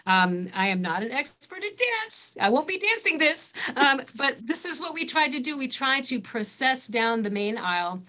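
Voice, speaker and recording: A middle-aged woman priest explaining thoughtfully in conversation, pausing often with fillers and restarts. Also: high-pitched, very animated, bright, forceful tone.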